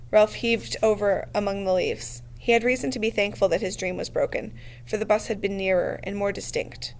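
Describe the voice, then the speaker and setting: A woman reading a novel aloud in a steady, measured way. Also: medium pitch, a little hiss or hum. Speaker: reader.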